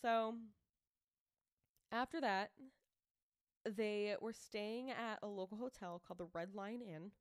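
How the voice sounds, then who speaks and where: A woman's voice: medium pitch, no echo, studio quality. A young woman co-hosting a podcast, casually retelling a true-crime story with lots of "like"s. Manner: chatty storyteller, many "like"s. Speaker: podcast co-host telling the story. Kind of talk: casual chat.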